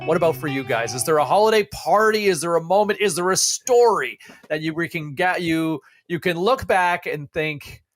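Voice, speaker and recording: A man's voice: a little high, animated, moderate pace, faint music behind. A man hosting a podcast, prompting his guests with open questions. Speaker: podcast host. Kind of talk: casual chat.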